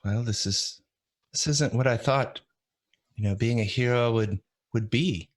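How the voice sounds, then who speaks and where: Brief: man doing a weary healer-hero adventurer, low, slow, halting, solemn. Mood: troubled.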